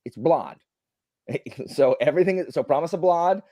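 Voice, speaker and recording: A young adult man hosts a livestream of casual chat, telling stories in a rambling, animated way full of fillers. His voice is on the high side and a little fast, with no room sound.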